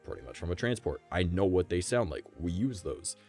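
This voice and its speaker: Brief: young man streamer, lowish voice, rambling profane storytelling, faint music behind. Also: expressive, brisk, darkish tone, husky. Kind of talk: casual storytelling on a live stream.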